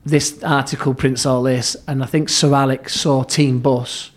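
A middle-aged man, a former football club therapist, tells stories as a podcast guest. He acts out quoted lines, often restarts his sentences and turns low and hushed at tense moments. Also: flat delivery, a little slow. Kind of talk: anecdotal storytelling in an interview.

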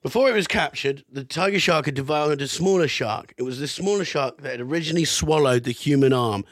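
A man's voice: fairly high pitch, fairly quick, no room sound, studio quality. A man co-hosting a casual podcast, reading out an odd history story with amused, swearing asides. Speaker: podcast co-host.

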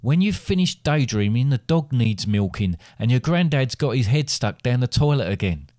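A man voicing a bossy peasant mother who shouts across the house. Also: mid-range voice, expressive, normal speed, no room sound, studio quality, voice pushed up, natural voice. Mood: shouting. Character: shrill nagging peasant mother.

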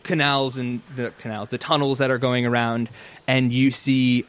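A man narrating a tabletop game as game master, describing scenes in a casual way with quick asides. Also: medium pitch, flat delivery, smooth.

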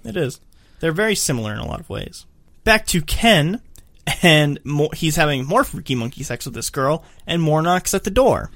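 A man's voice: on the high side, moderate pace, vocal fry, dry recording. A man co-hosting a podcast, chatting casually as he retells a film scene by scene, acting out the quotes. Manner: animated storyteller, acts out quotes. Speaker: podcast co-host. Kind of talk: casual chat recapping a film.

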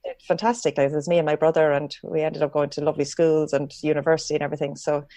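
A woman's voice: low-pitched, little pitch movement, rapid-fire. A woman with a rural Irish accent, a guest answering interview questions and laughing often as she talks. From Ireland. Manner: warm, laughs often while talking. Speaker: guest, dressage rider. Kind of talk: casual interview chat.

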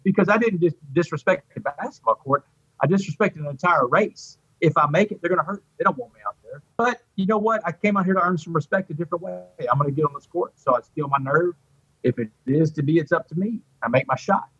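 With a fairly high pitch, quick delivery and a breathy edge, the interview guest from Port Arthur, Texas recounts his own story and mimics the voices of others. Sound quality is dull and lo-fi, dry with no echo.

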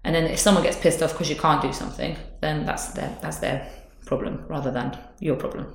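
A candid, chatty woman in her thirties, talking in a low voice. She speaks openly and laughs easily. The sound is roomy and echoing. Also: steady tone, fairly quick, gravelly. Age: 30s. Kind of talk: casual chat. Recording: roomy echo.

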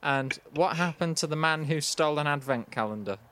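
Dry, deadpan man reading jokes. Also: fairly high pitch, fairly quick, clean tone. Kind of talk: casual comedic chat.

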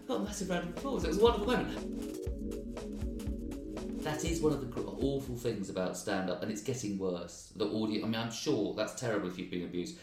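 A man with an English accent, a stand-up comedian telling animated, ranting stories in a casual interview chat. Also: fairly low pitch. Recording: roomy, distant mic.

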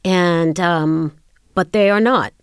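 A middle-aged woman speaks in a lowish voice, recounting stories in a relaxed interview. She acts out both sides of the conversations she remembers. The sound is dry and close, with no room around it. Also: slow, clear, resonant tone, dry recording. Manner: storytelling, acting out quoted exchanges. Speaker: guest. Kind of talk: casual interview chat.

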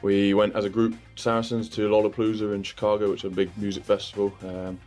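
A man answering interview questions in a low-key, hesitant way with many fillers. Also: completely flat delivery, fast, darkish tone, faint music behind. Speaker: interview guest, rugby player. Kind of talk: casual chat.

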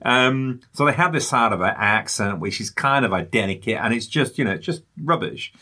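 A man's voice: mid-range voice, expressive, brisk, pushed and bright. A man, co-hosting a casual film review with jokey, rambling asides.

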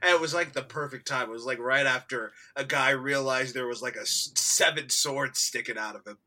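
A young man co-hosting a casual podcast chat, telling animated stories and acting out quotes, with frequent laughs and shouts. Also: medium pitch, fairly quick, rough recording. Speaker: podcast co-host.

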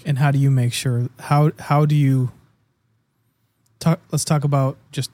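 A man co-hosting a faith interview who asks soft-spoken, halting questions. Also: medium pitch, little pitch movement, no room sound. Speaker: co-host.

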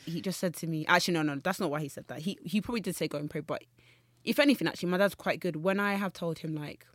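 A woman's voice: lowish voice, quick pace, no room sound. A young woman, chatting as a podcast guest, telling rambling stories and correcting herself as she goes. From Nigeria. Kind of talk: casual chat.

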